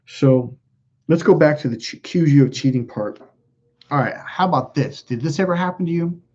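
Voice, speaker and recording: A slightly rough, darkish voice, a little high in pitch, comes from a man speaking at a moderate pace. As livestream host he reads viewer comments and tells meandering stories bluntly, swearing a lot; the recording is dull and lo-fi.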